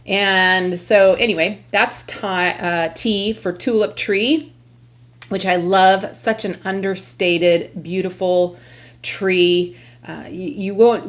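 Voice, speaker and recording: A middle-aged woman from California hosting her own craft vlog, talking casually in a chatty, rambling way with lots of fillers. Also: lowish voice. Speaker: craft vlogger. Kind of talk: casual chat.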